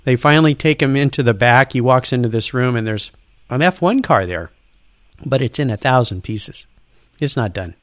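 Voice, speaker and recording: Animated male interview host. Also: mid-range voice, normal speed, no room sound, studio quality. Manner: animated storyteller, acts out quoted voices. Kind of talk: conversational interview.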